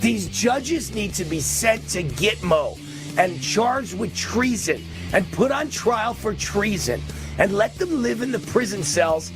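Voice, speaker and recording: A man from New York hosting a live political commentary show, ranting with loud emphatic delivery. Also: high-pitched. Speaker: show host.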